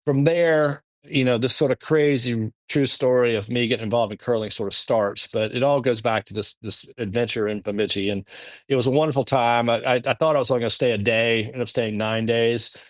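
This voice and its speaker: A middle-aged man from the American South with a Southern accent, telling a story as a podcast guest in a halting, animated way. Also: medium pitch, no room sound. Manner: animated, halting, lots of restarts. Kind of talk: casual storytelling.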